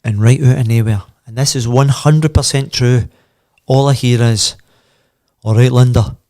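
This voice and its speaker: A middle-aged Scottish man, a former footballer and podcast guest, telling animated anecdotes in casual chat. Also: medium pitch, normal speed. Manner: animated anecdotes, voice swells when telling the story.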